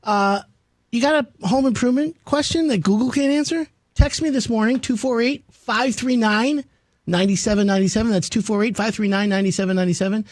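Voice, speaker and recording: A man's voice: high-pitched, normal speed, a little mellow, dry recording. A male radio host talking casually on air, telling jokey stories and taking listener questions from a studio. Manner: chatty, storytelling, jokey. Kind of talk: casual talk radio chat.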